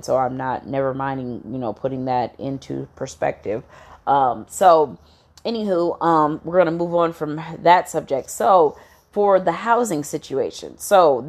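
A woman's voice: very deep voice, a little mellow. A woman telling a casual storytime rant about her landlord and rent, blunt and swearing freely, with lots of "you know" and "um". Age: adult with a daughter.

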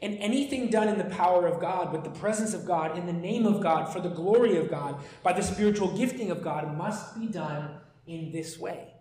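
A man in his thirties with a Canadian accent, preaching a sermon in a relaxed, conversational way and slowing down for scripture readings. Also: high voice, a little hiss or hum. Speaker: pastor. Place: church hall. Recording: echoey church room.

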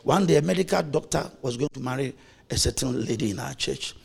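A man's voice: medium pitch, brisk, gravelly, darkish tone, breathy edge, soft background music. A male pastor preaching a playful, anecdotal sermon, laughing often as he tells stories. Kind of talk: storytelling sermon.

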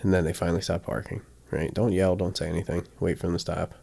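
Male dog trainer, deep and gravelly, easygoing teaching style with lively acted-out examples. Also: fast talker. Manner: chatty, often checks in with "right?"; acts out examples with sudden bursts. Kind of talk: casual teaching talk.

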